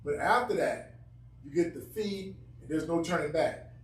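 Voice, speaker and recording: A man's voice: fairly high pitch, moderate pace. A man speaking earnestly and emphatically in a Bible study class discussion. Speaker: class member. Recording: echoey room, far from mic, faint noise.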